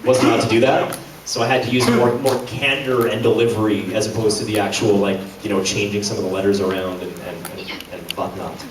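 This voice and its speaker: A man's voice: lowish voice, little pitch movement, fairly quick. A man, a voice actor on a convention panel, chatting casually and self-deprecatingly to the audience, heard from far off in an echoey hall with background noise. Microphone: audience camera from a distance.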